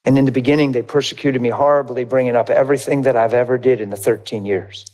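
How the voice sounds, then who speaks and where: A middle-aged man preaching, telling his testimony in a lively, conversational way and acting out dialogue. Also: medium pitch, fast. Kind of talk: testimony sermon, storytelling.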